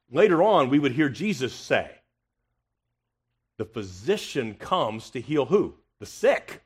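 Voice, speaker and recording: A man preaching a confrontational expository sermon, asking rhetorical questions and swinging from loud emphasis to hushed tones. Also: a little high, slightly rough.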